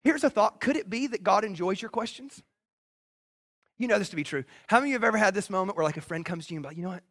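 High-voiced man preaching energetically. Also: fast. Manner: energetic, conversational preaching with acted-out quotes. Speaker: pastor. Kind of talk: sermon.

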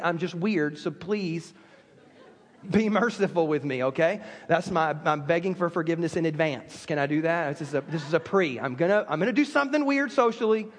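A man's voice: sits high, long reverb tail. A man preaching a sermon as a pastor, telling stories with self-deprecating humor.

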